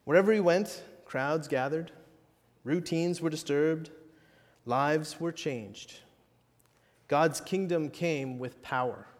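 A man preaching a sermon with measured, dramatic pauses and bits of self-mocking humor. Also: fairly high pitch, big-room sound. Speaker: pastor.

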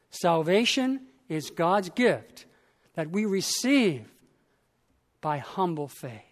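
A male pastor preaching with a high voice and an unhurried, deliberate delivery. He leans on each phrase with dramatic pauses. His words ring out with a long church-hall reverb. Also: lively intonation. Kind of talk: sermon.

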